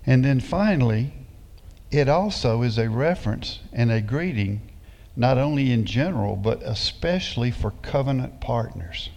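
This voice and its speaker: A male pastor delivers a sermon in a church sanctuary, reading scripture in a slow, emphatic cadence and pausing on rhetorical questions. His voice carries a gravelly rasp. A long reverb trails each phrase through the large room. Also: medium pitch, animated, darkish tone.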